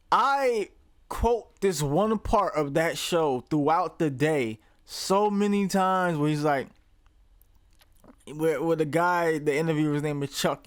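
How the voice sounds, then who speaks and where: A man's voice: a little high, no room sound, clean studio sound. A man hosting a reaction video, rambling casually, laughing and swearing.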